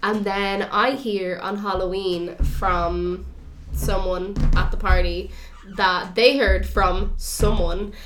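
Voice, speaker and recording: A young woman telling a story in casual chat, animated and sweary, acting out the quotes. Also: medium pitch, slow pace, background noise. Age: young adult. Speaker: podcast co-host.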